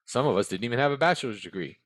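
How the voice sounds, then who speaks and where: Very fast and animated, his mid-range voice carries no echo as this former American case manager fields interview questions in an interview room. He's blunt and direct, frequently tagging "right?" and "okay?" onto what he says.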